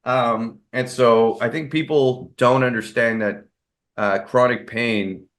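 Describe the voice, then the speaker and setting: A man's voice: mid-range voice, fairly even intonation, takes it slowly, a bit bright. A man guest on an interview show, talking candidly and rambling with fillers and restarts. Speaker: guest, martial arts expert. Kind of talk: casual interview storytelling.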